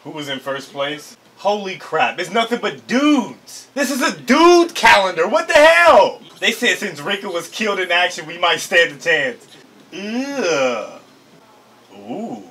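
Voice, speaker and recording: A man with a high, bright voice reacts to an anime episode in a hyped, slangy way and breaks into laughter often. His delivery is unhurried, and his pitch swings widely. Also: big pitch swings. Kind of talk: excited casual reaction commentary.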